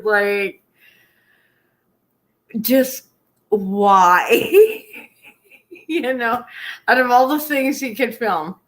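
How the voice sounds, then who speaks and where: A woman's voice: sits high, a bit bright. A woman live-streaming in casual chat, often laughing through her words.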